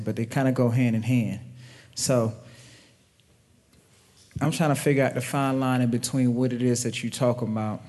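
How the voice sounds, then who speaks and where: A man speaking from the congregation in an ordinary mid-pitched voice. He asks his question slowly and haltingly, restarting as he looks for the right words. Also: darkish tone. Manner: hesitant, restarts, searching for words. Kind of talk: casual question from the floor.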